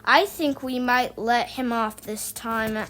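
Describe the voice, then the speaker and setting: A woman's voice: a little high, slow pace, a bit bright, slight background noise. A woman voicing a kindly male police driver who speaks in an easygoing, reassuring way.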